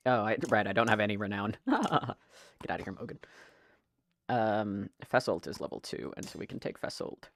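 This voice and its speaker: A man's voice: on the low side, vocal fry, no echo, studio quality. A man chatting casually and jokingly while live-streaming a video game. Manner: chatty, jokey, talks to his pet.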